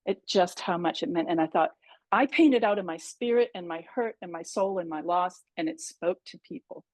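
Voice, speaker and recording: A woman's voice: lowish voice, moderate pace, darkish tone, no echo. A middle-aged woman teaching a painting workshop over a video call, chatting and thinking aloud as she works. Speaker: pastel art instructor. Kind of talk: live online painting demonstration.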